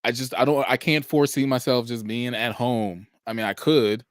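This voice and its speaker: A young man co-hosting a podcast, chatting in a relaxed, rambling way with many fillers. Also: mid-range voice, moderate pace, no echo, studio quality. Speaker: podcast co-host. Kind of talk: casual chat.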